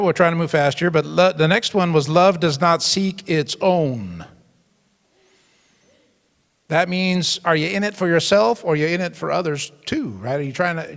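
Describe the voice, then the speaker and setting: A man's voice: a little high, vocal fry, fairly bright tone, in a large hall. A male pastor preaching to a youth group, emphatic, with frequent call-and-response asides. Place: church hall.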